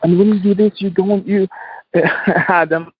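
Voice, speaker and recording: Interview guest: man from Tunisia, husky and fairly high voice, impassioned and repetitive, dry, dull sound. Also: steady tone, moderate pace, no echo. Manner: impassioned, repetitive, non-native English. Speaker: guest entrepreneur. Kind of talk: passionate interview talk.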